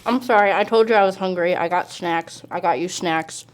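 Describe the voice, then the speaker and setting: A young woman co-hosting a relaxed chat. She is playful and teasing, and nothing seems to rattle her. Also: fairly low pitch, fairly quick. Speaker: co-host. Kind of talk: casual chat.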